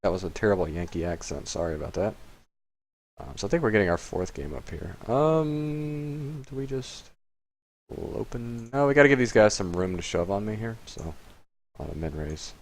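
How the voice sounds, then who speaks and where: A man from Florida hosting a casual poker channel, commentating on his hands in a rambling, hesitant way with bursts of excitement. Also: lowish voice, moderate pace, creaky. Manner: rambling and hesitant, with many fillers. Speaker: poker player and channel host. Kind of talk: casual commentary while playing online poker.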